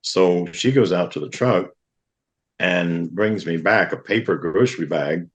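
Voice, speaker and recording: A man's voice: sits low, a little slow. A middle-aged man, a guest on a talk show, earnestly telling a personal testimony and acting out what others said. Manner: earnest, vivid retelling with acted-out quotes.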